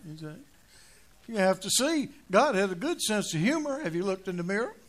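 An older man preaches in a folksy, joking way, his voice sitting high for a man. He drifts into low, quiet asides, then climbs to loud, punchy declarations when he drives a point home. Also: sing-song, fairly quick. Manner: storytelling with jokes, swings from low asides to loud emphatic points. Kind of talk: folksy humorous sermon.

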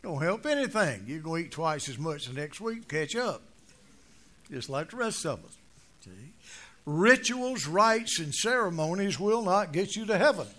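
An older man preaches in a folksy, joking way, his voice sitting high for a man. He drifts into low, quiet asides, then climbs to loud, punchy declarations when he drives a point home. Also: sing-song, moderate pace. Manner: storytelling with jokes, swings from low asides to loud emphatic points. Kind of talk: folksy humorous sermon.

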